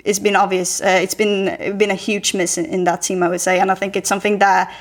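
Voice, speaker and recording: A woman speaking in a flat, even tone as a guest football pundit. She talks in a measured way, pausing on fillers as she goes. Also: mid-range voice. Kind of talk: casual football discussion.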